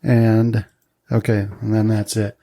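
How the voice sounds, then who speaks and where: A man running a tabletop game as game master, describing scenes in a relaxed way with frequent fillers. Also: lowish voice, slow, creaky.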